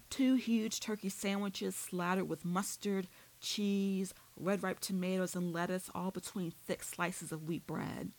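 A woman's voice: lowish voice, poor audio. Woman narrating a romance audiobook. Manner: steady, descriptive storytelling. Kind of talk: scripted first-person narration.

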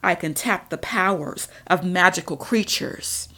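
A woman's voice: lowish voice, unhurried, bright, forceful tone, full character voice. A woman reading the lines of a scheming, power-hungry male vampire leader in an audiobook, mocking and boastful.

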